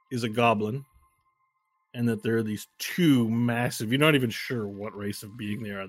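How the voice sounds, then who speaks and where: A man narrating as game master of a tabletop game, describing scenes in a loose, rambling way with restarts. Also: lowish voice.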